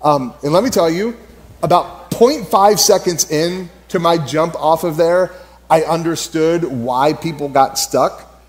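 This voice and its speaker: A man's voice: a little high, unhurried, a little hiss or hum. A man giving a casual, storytelling sermon at church, rambling with lots of fillers and frequent laughter. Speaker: church speaker.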